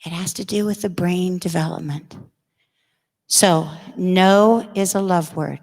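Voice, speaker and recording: A woman's voice: fairly low pitch, fairly even intonation, a little slow, darkish tone. A woman giving an earnest, emphatic religious education talk to parents and teens in a church hall. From United States. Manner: earnest, emphatic, acts out kids' voices. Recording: long reverb of a large hall.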